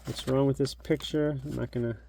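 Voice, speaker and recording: A man's voice: medium pitch, steady tone, a little fast, creaky, warm tone, a little hiss or hum. Chatty man leafing through an old magazine. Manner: chatty, nostalgic, thinks aloud. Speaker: collectibles channel host. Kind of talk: casual show-and-tell narration.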